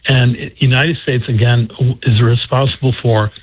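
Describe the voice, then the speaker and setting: A man appearing as a guest professor on a talk radio show, speaking in a measured, explanatory way over a phone line. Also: medium pitch, steady tone, breathy edge.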